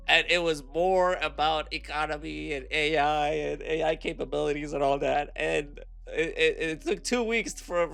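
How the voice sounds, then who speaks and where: A man's voice: fairly high pitch, creaky, fairly bright tone. A young man reacting to a video, ranting incredulously, swearing and repeating himself. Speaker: reaction streamer. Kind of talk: profane ranting reaction commentary.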